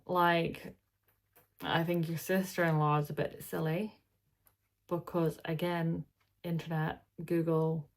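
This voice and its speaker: A tired woman with a lowish voice reads online posts aloud for her channel, stopping often for casual, sighing remarks of her own. She keeps it loose and chatty, as if talking to friends late at night. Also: level tone, slow pace. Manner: chatty, sighing, breaks off to talk to her pet. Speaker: reaction video host.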